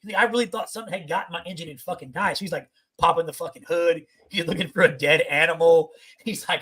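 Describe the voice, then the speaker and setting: A man's voice: fairly high pitch, steady tone, fast talker, fairly bright tone. A man, a Navy veteran, telling crude service stories on a casual podcast, swearing constantly. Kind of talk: casual profane storytelling.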